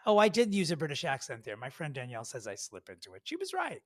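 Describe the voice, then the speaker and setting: A man who is a comedian and podcast co-host, telling stories in an animated, rambling way and swearing freely. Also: on the high side, fast, dry recording, clean studio sound. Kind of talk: casual chat.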